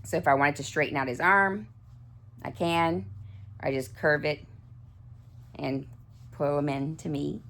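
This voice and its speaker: A woman's voice: deep voice, fairly even intonation, measured pace, vocal fry, pauses often, a bit bright. A middle-aged woman chatting casually to camera about her dolls, gushing and full of fillers and restarts. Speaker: doll collector vlogger. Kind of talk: casual chat.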